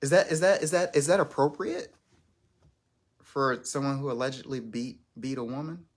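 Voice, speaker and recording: A man's voice: medium pitch, normal speed. A man hosting his first live stream, chatting casually in a rambling, self-conscious way with lots of restarts.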